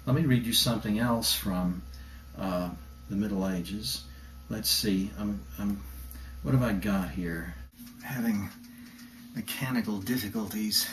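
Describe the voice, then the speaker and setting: A man's voice: lowish voice, a little slow, pauses often. Man lecturing, with fillers, from a distant mic. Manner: thoughtful, rambling, with frequent fillers and self-corrections. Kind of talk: recorded video lecture. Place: room he calls not ideal. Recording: distant mic, noisy room.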